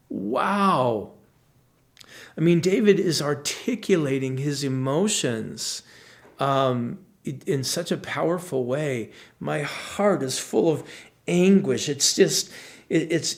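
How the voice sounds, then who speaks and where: A male pastor giving a devotional Bible teaching, slow and earnest, with frequent restarts and emphatic bursts. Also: fairly high pitch.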